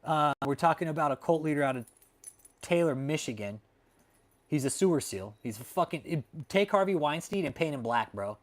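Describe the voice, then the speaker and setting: A man's voice: on the high side, lively intonation, normal speed. A man hosting a livestream, ranting angrily and swearing constantly in a casual commentary style from home. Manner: angry, profane, swearing constantly. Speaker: livestream host. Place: home, dog nearby.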